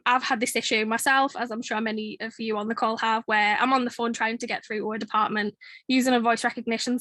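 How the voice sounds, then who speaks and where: A woman presents her talk over a video call in a conversational way, with filler words. Her voice sits a little high. The sound is dry and close. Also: a bit bright, no room sound. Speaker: conference speaker.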